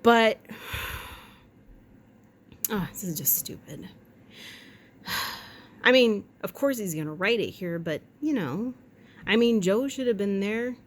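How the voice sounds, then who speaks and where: A woman's voice: medium pitch, lively intonation, slight background noise. Jokey rambling woman vlogger. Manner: rambling, jokey, quick asides, does silly voices. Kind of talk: casual chat. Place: at home.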